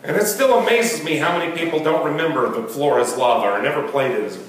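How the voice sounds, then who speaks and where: A young man with a fairly high voice performs a stand-up set, animated and acting out every character he quotes. He sounds set back from the mic in a very echoey venue. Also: quick pace, a crowd in the background. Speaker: stand-up comedian. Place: comedy venue. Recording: roomy echo from a distance.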